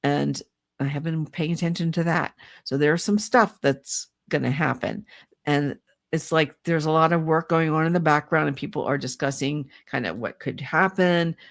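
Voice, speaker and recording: Older lady psychic on a livestream, deep and croaky, rambles and gets fed up fast. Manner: rambling, exasperated, with restarts and little laughs. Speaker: psychic reader. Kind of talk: casual livestream rant.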